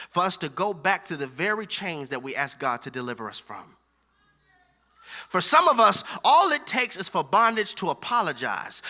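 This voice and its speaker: A male pastor preaching an animated, humorous sermon with slang and laughing asides. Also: high-pitched.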